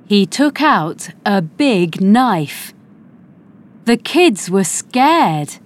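A woman reading a children's storybook aloud in a slow, clear and careful way. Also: medium pitch, very animated. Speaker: narrator.

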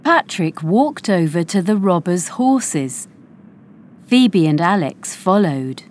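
A woman reading a children's storybook aloud in a slow, clear and careful way. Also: on the low side, sing-song, a little mellow, a little hiss or hum. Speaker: narrator.

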